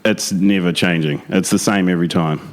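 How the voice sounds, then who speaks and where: A man's voice: low-pitched, steady tone, a little fast. A man guest on a podcast, chatting casually at a home in Bali, laid-back and rambling with lots of fillers. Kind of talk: casual chat.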